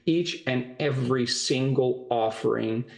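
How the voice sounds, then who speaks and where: A man's voice: mid-range voice, vocal fry. A man giving a private spiritual coaching session in an encouraging, flowing way, stretching out his key words. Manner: encouraging, flowing, drawn-out emphasis. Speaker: spiritual teacher.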